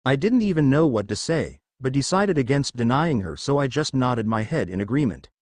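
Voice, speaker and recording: A man narrating a first-person story in an expressive reading voice. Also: mid-range voice, moderate pace, dry recording.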